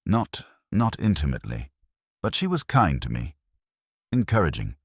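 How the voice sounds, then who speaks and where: Man playing a nervous, hesitant young violinist, dry husky tone. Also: sits low, wildly swooping pitch, moderate pace, no echo, exaggerated voice. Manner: stammering, hesitant.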